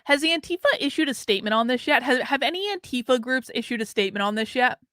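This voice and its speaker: A fairly high-voiced woman hosts a commentary livestream, reading news and chat messages aloud. Her remarks turn sharply sarcastic. The sound is dry and close, with no room echo. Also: expressive, fast, a bit bright. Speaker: livestream host.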